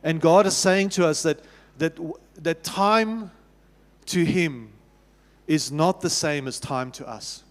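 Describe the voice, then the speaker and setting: A South African pastor, his voice on the high side and his pace slow, delivers a sermon in a church sanctuary that has long reverb. He engages the congregation conversationally, restarting often and asking them questions.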